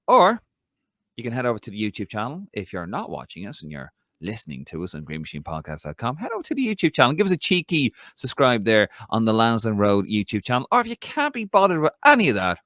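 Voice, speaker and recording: A man's voice: fairly low pitch, fairly bright tone, no echo, clean studio sound. A man hosting a casual football podcast, upbeat and chatty, plugging the show's channels. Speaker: podcast host.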